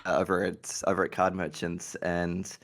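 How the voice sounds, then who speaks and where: A man's voice: low-pitched, monotone, normal speed, creaky, fairly bright tone. A man being interviewed on a podcast, telling casual stories and laughing often. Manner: chatty anecdotal storyteller, laughs often. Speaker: guest, organized play manager.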